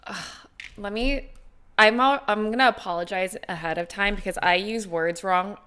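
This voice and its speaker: A woman's voice: mid-range voice, normal speed, bright, forceful tone, clean tone. A woman guest on a podcast in casual chat, chatty and self-mocking, laughing between phrases.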